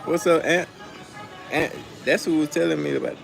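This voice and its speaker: Outdoors and streaming live, this young man tells slangy stories and addresses his chat over loud background music. He speaks at a moderate pace in a slightly high, gravelly voice with fairly even intonation.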